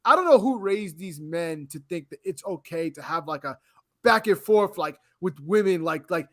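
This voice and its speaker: A man's voice: high voice, lively intonation, moderate pace. A man co-hosting a podcast, earnestly explaining himself at length in casual chat. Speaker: podcast co-host.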